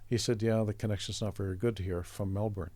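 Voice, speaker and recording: Man, from Canada, middle-aged, low voice, conversational storytelling. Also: steady tone, fairly quick, dark tone, no room sound. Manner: reflective, meandering anecdotes with restarts. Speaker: interview guest, artist.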